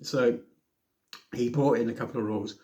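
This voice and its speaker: A man's voice: medium pitch, fairly even intonation, moderate pace, mellow. A man casually reviewing a wrestling show on his own, rambling, correcting himself and making sarcastic asides.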